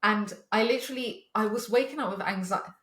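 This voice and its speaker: A woman's voice: medium pitch, fairly quick, fairly bright tone, roomy sound. A woman in her twenties co-hosting a podcast, telling a story in casual chat with swearing and laughs. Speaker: podcast co-host.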